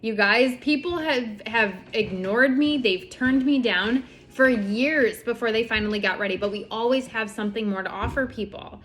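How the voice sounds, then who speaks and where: A young adult woman giving casual coaching tips to her sales team, chatty and quick, acting out the messages she sends. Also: on the high side, fairly bright tone, a little hiss or hum. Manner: chatty, fast-talking, lots of "like" and acted-out quotes. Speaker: network marketing team leader.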